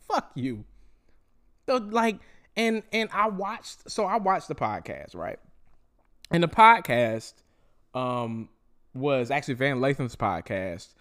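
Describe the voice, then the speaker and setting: A young man hosting a solo podcast, ranting in a profane, animated way and mocking people in quoted voices. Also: medium pitch, takes it slowly, long pauses. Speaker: podcast host.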